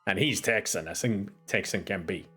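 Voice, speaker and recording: A man's voice: low voice, normal speed, pushed and bright, soft background music. A man streaming a video game, chatting and joking with rambling asides as he plays. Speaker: gameplay streamer. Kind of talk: casual gameplay commentary.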